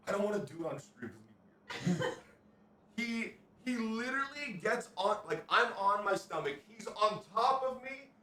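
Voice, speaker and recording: A man streaming live, telling chat a crude, animated story full of swearing. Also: high voice.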